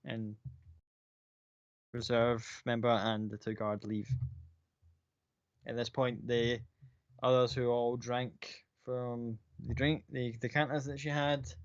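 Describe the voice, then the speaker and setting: A man narrating as game master of a tabletop game, in a relaxed, rambling way full of fillers. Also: mid-range voice, measured pace, long pauses, dry recording. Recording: dull lo-fi mic.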